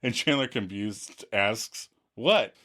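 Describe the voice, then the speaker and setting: A man's voice: medium pitch, brisk. Playful man recapping a sitcom episode. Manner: playful, animated. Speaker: podcast co-host. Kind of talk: casual recap narration.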